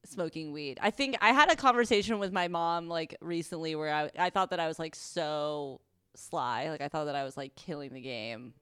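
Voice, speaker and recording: A woman co-hosting a podcast, chatting casually with incredulous questions and a relaxed drawl. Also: low voice, moderate pace, clean tone. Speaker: podcast co-host. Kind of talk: casual chat.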